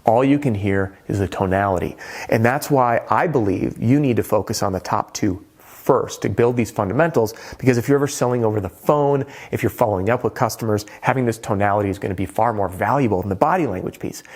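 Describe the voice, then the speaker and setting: A man, a roofing sales trainer, giving a direct-to-camera sales training talk, animated and playing with pauses and tone. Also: medium pitch.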